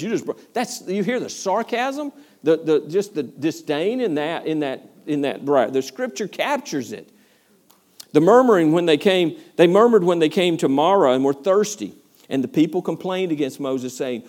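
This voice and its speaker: A man's voice: high voice, a little fast. A man teaching a verse-by-verse Bible study as a pastor, preaching with energy, acting out voices and questioning his listeners. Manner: animated preaching, acts out complaining voices, asks the listeners questions.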